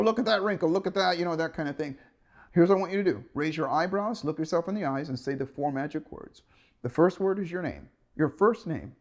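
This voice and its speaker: A man giving an earnest motivational talk to the camera, often restarting and repeating his phrases. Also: fairly high pitch. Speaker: motivational speaker.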